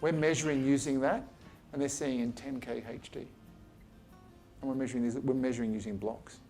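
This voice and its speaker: Male surgeon, mid-pitched, gravelly, blunt and chatty, informal talk to a small group. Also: steady tone, normal speed, mellow, soft background music. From Australia. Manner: blunt and chatty, swears casually, acts out patient exchanges. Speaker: eye surgeon giving a talk. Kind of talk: informal lecture to colleagues. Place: his office, talking to a small group.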